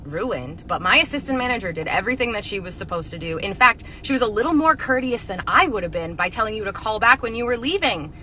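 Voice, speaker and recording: A woman voicing a store manager who answers a shouting customer calmly and firmly, with dry sarcasm. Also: on the high side, a little hiss or hum. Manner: level, matter-of-fact, dryly sarcastic.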